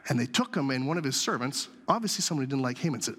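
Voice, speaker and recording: A man telling a scripture story as a sermon, animated and acting out the characters' lines. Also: mid-range voice, racing, hardly any pauses, slight background noise. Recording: long hall reverb.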